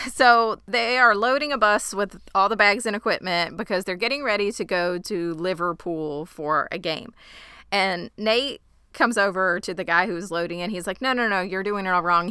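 A woman's voice: on the low side, sharp tone, clear, resonant tone, no room sound, clean studio sound. A woman co-hosting a casual chat, summarizing scenes from her notes in a conversational way. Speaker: podcast co-host. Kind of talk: casual chat recapping a show.

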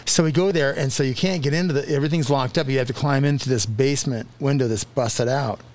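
A man's voice: mid-range voice, fast talker. A man telling a childhood story in casual conversation, laughing often and acting out the voices of the people in it. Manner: animated, laughing through his story, acts out quotes.

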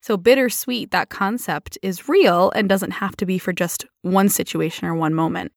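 A woman's voice: lowish voice, normal speed, vocal fry, no room sound, clean studio sound. A woman in casual chat who speaks reflectively and adds supportive remarks.

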